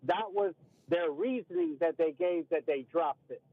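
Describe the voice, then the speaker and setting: Brief: male caller, high voice, matter-of-fact, tinny phone line. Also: normal speed, no echo. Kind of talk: call-in comment.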